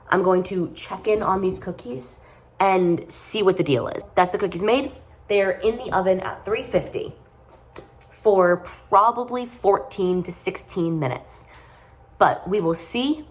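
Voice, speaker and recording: A woman filming a casual baking vlog in her home kitchen, excitable and quick to gasp and exclaim. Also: fairly low pitch, a little hiss or hum. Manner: excitable, gasps and exclaims often. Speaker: vlogger.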